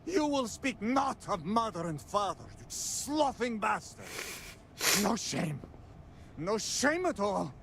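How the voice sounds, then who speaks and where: A proud, furious brother from a game, scolding in stern, formal phrases. His pitch sits a little high and swings widely. Faint noise hums underneath. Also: big pitch swings, slow, vocal fry, exaggerated voice. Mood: disgusted. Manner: stern, indignant, formal speech.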